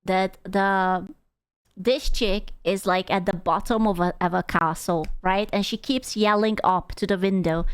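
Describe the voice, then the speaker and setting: A young adult woman streamer giving casual reaction commentary, animated and exclaiming with quick asides. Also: mid-range voice, smooth, no echo. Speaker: VTuber streamer.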